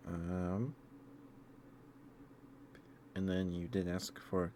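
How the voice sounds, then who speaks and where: Slow, deep-voiced male ASMR streamer. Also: completely flat delivery, slight background noise. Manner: gentle, affectionate, halting. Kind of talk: soft-spoken ASMR chat with viewers.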